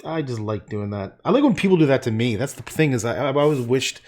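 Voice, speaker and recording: Gruff, cranky man chatting while painting. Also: medium pitch, expressive, fast, darkish tone. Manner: gruff, cranky, swearing, laughing often. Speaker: livestream painter. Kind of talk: casual chat while painting.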